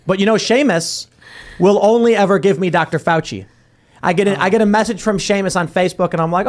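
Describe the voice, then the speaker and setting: A man's voice: high-pitched, fast. A man hosting a podcast, reading viewer comments aloud and chatting casually with wry, jokey asides. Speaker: podcast host.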